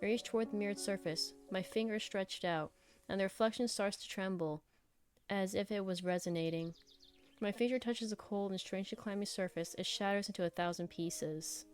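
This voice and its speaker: Woman streamer reading a story game out loud, blunt reactions, faint music behind. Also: medium pitch, moderate pace. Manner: animated, blunt outbursts between calm reading. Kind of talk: reading a visual novel aloud with live reactions.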